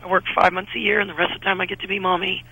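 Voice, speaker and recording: Husky, bright-voiced woman actress. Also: medium pitch, very fast, poor audio. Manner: chatty, animated, frequent restarts. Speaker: actress guest. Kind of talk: casual radio interview chat.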